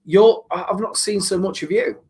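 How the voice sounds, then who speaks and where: A man's voice: high-pitched, moderate pace, a little mellow. A middle-aged man from Doncaster with a South Yorkshire accent, chatting as a guest in a friendly, reminiscing, talkative way. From Doncaster, England. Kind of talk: casual chat.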